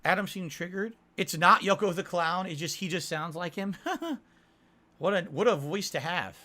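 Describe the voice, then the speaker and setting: Man, livestream host, high pitch, defensive, keeps asking "right?". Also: moderate pace, pushed and bright. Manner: defensive, talks to chat with frequent "right?". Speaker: streamer answering chat. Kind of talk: casual livestream chat.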